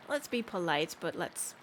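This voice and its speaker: A woman's voice: medium pitch, a little hiss or hum. A woman casually commenting on a game she is playing, joking and reading bits of text aloud. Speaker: game streamer. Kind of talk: casual let's play commentary.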